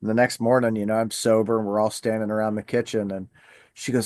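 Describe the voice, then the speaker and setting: A man's voice: lowish voice, little pitch movement, fairly quick, darkish tone, dry recording, clean studio sound. A middle-aged man hosting a podcast, telling a funny story in casual chat, swearing freely and acting out the voices of people he quotes. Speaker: podcast host.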